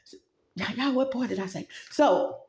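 A woman's voice: a little high, normal speed, darkish tone, roomy sound. A woman vlogger giving casual spiritual advice, chatty and rambling, talking straight to her viewers.

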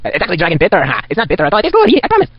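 A man's voice: sits high, wildly swooping pitch, very fast, husky. Manic cackling man playing a crazed Santa. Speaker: gamer playing in character. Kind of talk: in-character game commentary. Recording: dull lo-fi sped-up desktop recording.

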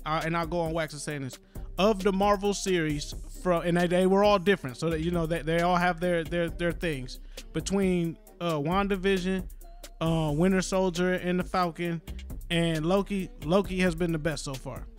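A man's voice: sits high, steady tone, moderate pace, faint music behind. A man co-hosting a podcast, talking in brash, profane, casual banter. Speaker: podcast co-host. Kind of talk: casual chat.

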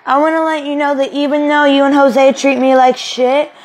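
Brief: woman acts an outcast young woman ranting at family; swears, sarcastic, slightly high-pitched, amateur film. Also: flat delivery, normal speed, close to an everyday voice, low-quality recording. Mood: bitter. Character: bitter, volatile young woman kicked out by family.

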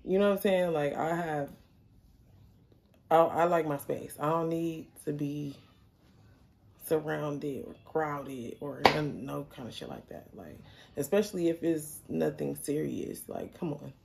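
A young adult woman telling a story in a casual, blunt, animated way, swearing freely. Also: deep voice, measured pace, creaky. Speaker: storyteller vlogger.

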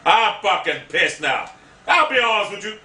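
Trash-talking man yelling at a shooter game. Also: high voice, big pitch swings, moderate pace, reverberant, recorded from a distance. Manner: profane, trash-talking, erupts into angry shouts. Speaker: gameplay commentator. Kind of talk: live gameplay commentary.

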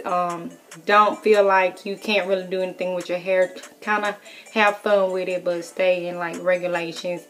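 Chatty Southern woman, faint music behind. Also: fairly low pitch. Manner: chatty and encouraging, frequent ums, repeats words for emphasis. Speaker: military service member vlogger. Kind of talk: casual how-to vlog chat.

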